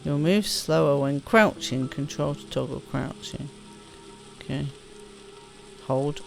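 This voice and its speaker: Speaking slowly in a low voice, a gaming streamer chats her way through a let's-play, self-deprecating as she reads the text on screen aloud. Clear game music plays beneath her voice.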